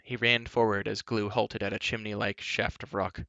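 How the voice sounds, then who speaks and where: A man reading a children's novel aloud as a storyteller, with an animated, varied delivery, on a dull lo-fi recording. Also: fairly low pitch, moderate pace, creaky, no echo.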